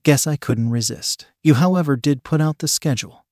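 A man's voice: on the high side, moderate pace, darkish tone, no room sound, studio quality, natural voice. A man reading the lines of a bold, taunting young female student in a story, with little change from his own voice. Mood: teasing. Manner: coy, then brazen and taunting.

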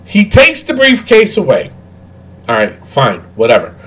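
A man co-hosting a casual wrestling podcast, animated and jokey, laughing often. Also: mid-range voice, a little slow, husky, rough recording. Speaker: podcast co-host.

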